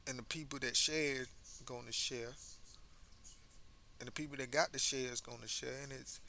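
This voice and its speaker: An American man hosts a casual commentary monologue, pressing his points emphatically and stumbling over repeated words. His voice has a gravelly, creaky edge and a bright, forward tone. A faint hiss of background noise sits under the recording. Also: mid-range voice, fairly even intonation, moderate pace. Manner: conversational, emphatic, repeats words when restarting. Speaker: commentary host.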